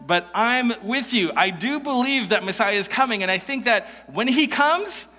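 A man voicing a surprised Samaritan woman at a well, speaking quickly and in disbelief in the first person. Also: very high-pitched, lively intonation, bright, forceful tone, exaggerated voice. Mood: eager. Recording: long hall reverb.

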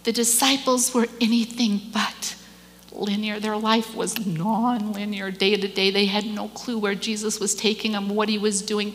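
A woman giving an earnest, emotional personal testimony at church, now and then dropping to a soft whisper. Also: medium pitch, little pitch movement, a little slow, slight background noise. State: tearful at times. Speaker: church speaker. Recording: long hall reverb.

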